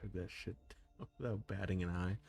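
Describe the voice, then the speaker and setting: A young man with a low voice talks casually to his stream audience, cursing freely and breaking into laughter. He sounds close to a desk microphone. Faint music plays underneath. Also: steady tone, normal speed, vocal fry, a little mellow. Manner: swears freely, laughs often. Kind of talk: casual chat with stream viewers.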